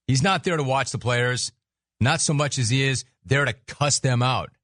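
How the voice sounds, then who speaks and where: A man hosts a sports talk radio show, riffing sarcastically and mocking his subjects at a quick clip. His pitch sits in the middle of the range. The sound is dry and close to the mic. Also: a bit bright, no echo. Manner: sarcastic, mocking, rapid riffs.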